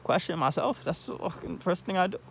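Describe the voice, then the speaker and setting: A man talking alone to the camera in a rambling monologue, restarting his sentences, laughing softly and often breaking off to say "I love you". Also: high voice, expressive, vocal fry, a little hiss or hum. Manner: repeats "I love you" often, halting restarts, sudden soft asides; laughs briefly between thoughts. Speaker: vlogger.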